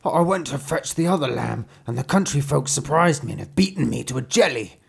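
Man voicing a greedy wolf, whiny, demanding, raised and loud. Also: medium pitch, expressive, fairly quick, gravelly, slightly rough, voice pushed up, full character voice. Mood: whining. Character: greedy, clumsy male wolf.

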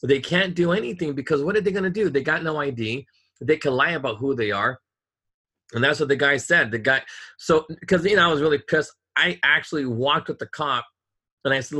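Angry ranting man with a bright, husky voice. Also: fairly high pitch, brisk. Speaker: storyteller in a casual conversation. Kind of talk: casual chat.

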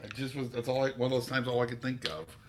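A man's voice: mid-range voice, expressive, fast talker, slight background noise. A middle-aged man, a teacher, chatting casually as a trivia contestant, joking and rambling a little. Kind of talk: casual chat.

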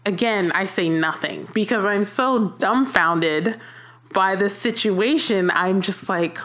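A woman's voice: mid-range voice, takes it slowly. A woman hosting a podcast, telling a personal story in a candid, chatty way, with frequent fillers and self-corrections. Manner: animated when quoting herself. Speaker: podcast host.

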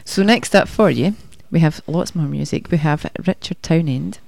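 A woman's voice: low voice, moderate pace, creaky, darkish tone, dry recording. Scottish lady co-hosting a music show, rambly and chatty, dry close mic. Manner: chatty, rambling, laughs easily. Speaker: co-host. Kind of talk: casual radio chat.

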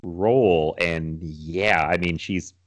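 A man's voice: sits low, takes it slowly. A man in his thirties chatting casually about movies as a podcast co-host, rambling with many fillers and frequent laughs.

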